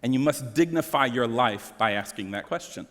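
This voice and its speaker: A man's voice: expressive, normal speed. A man pastor delivering a sermon, earnest and emotional, with sweeping rises and falls in his delivery. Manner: emotional, earnest preaching with dramatic swings in pitch. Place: church sanctuary. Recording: long hall reverb.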